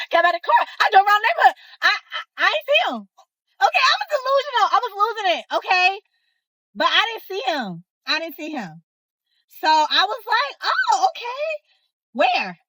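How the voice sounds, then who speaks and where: A young woman telling a personal story in a casual, sassy, animated way, speaking straight to her viewers. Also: high-pitched, no room sound, low-quality recording. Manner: animated, sassy, talks to the viewer, acts out others' voices. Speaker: storyteller host.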